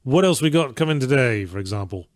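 A man co-hosting a stream who chats casually and drops dry, wry asides. His voice sits at an ordinary pitch, and the sound is dry and close. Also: animated, quick pace, no room sound. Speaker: stream co-host. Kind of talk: casual chat.

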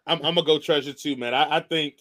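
A man's voice: on the high side, steady tone, fast, a bit bright. A man hosting a casual movie chat, slangy and laid-back, laughing often. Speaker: podcast host.

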